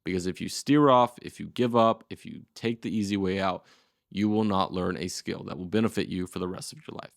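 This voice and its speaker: A man's voice: sits low, brisk, vocal fry, dry recording, clean studio sound. A man in his twenties with an American accent, coaching his audience bluntly and energetically, then leading a sales call. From United States. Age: 20s. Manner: blunt, energetic, swears casually. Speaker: agency owner teaching a course.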